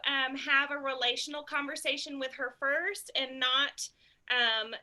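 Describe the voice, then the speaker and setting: A woman's voice: sits high, fairly even intonation, unhurried, pushed and bright. A woman giving booking tips in a casual group chat, bubbly, laughing often and thinking aloud.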